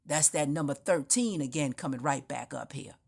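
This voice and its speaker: A woman's voice: low voice, normal speed, creaky, a little mellow, husky. A woman giving an unscripted spiritual monologue, telling her story in a meandering, emphatic way with frequent restarts. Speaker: spiritual speaker.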